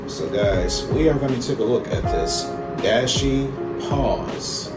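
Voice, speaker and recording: A man's voice: mid-range voice, expressive, slow, echoey room, distant mic, over loud music. A man hosting a reaction video in casual, laid-back commentary with small stumbles.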